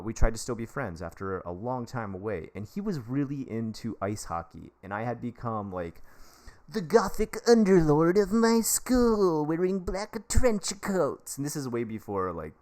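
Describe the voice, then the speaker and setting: A man in his thirties hosting a live stream, chatting casually as he gives advice and breaks off excitedly to thank donors. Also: deep voice. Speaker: livestream host giving advice.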